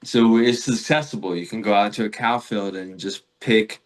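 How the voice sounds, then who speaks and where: A man from Florida, a podcast guest, telling a rambling spiritual story in a reflective, casual way with fillers and soft laughs. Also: fairly low pitch, fairly even intonation, moderate pace.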